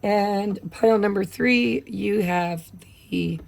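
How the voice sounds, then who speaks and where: A woman with a gravelly voice, losing her voice from allergies, doing a chatty, casual tarot reading. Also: medium pitch, fairly even intonation, a little slow, dark tone. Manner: chatty, with many fillers. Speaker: tarot reader.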